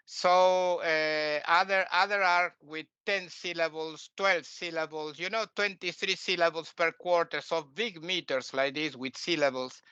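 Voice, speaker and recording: A man lecturing as a teacher in halting, non-native English, with many fillers and restarts and quiet muttered asides. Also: a little high, steady tone, smooth, no room sound, dull audio. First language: Spanish. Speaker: teacher and author. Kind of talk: lecture on scripture.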